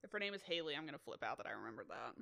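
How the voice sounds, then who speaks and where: Bright, lively woman podcast co-host. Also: low voice, gravelly. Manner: chatty, swears freely, quick to laugh. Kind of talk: casual chat.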